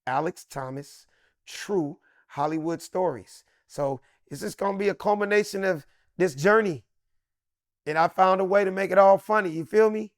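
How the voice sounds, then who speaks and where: A comedian and actor in his fifties tells a story as a guest in a sit-down interview, lively and emphatic, swinging from loud excited bursts to low hushed asides. His voice is fairly high for a man and brisk. The recording is close and dry, with almost no room sound.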